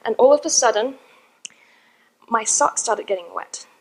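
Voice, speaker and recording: A woman's voice: fairly high pitch, lively intonation, normal speed, low-quality recording. A woman giving a talk to a live audience, telling a personal story in a chatty, self-deprecating way and laughing at herself. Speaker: conference speaker.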